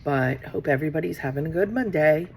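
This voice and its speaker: A woman's voice: low-pitched, a little fast, vocal fry, soft background music. A middle-aged woman talking casually to camera from her office, rambling and acting out conversations she has had. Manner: rambling, acts out quoted exchanges. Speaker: vlogger.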